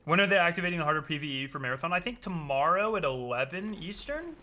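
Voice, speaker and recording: Excitable high-voiced young gamer guy. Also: quick pace. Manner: excitable, profane trash talk with sudden yelling bursts. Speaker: gaming video creator. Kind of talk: live gameplay commentary.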